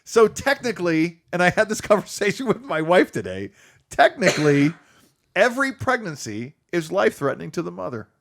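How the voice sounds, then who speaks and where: Lively, laughing middle-aged man. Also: sits high, normal speed, creaky. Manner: animated, laughs often, acts out quotes. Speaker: podcast co-host. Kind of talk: casual chat.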